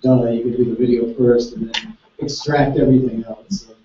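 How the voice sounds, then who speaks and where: Mellow-voiced man sharing in an echoey hall. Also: mid-range voice, steady tone, normal speed, a little hiss or hum. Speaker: seminar attendee. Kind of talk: casual sharing. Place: large seminar hall. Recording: echoey room, distant lo-fi mic.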